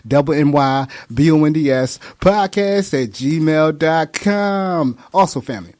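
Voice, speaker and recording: A man's voice: mid-range voice, a little mellow. A man hosting a radio talk show, greeting listeners upbeat and reading out contact details. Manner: upbeat, hypes the audience, reads out contact info.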